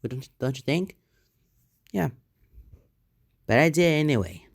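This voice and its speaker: Male host, middle pitch, clean and dry, reads posts aloud, then riffs casually. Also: very animated, measured pace, creaky, dry recording. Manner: reads posts in an earnest tone, then reacts loosely with restarts. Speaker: channel host reading and reacting to online posts.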